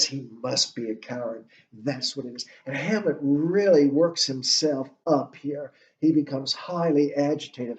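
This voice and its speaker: Male lit instructor, unhurried and halting, lecture recorded in an echoey room with dull, lo-fi sound. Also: fairly high pitch, a little mellow. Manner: halting, many fillers and restarts. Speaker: literature instructor.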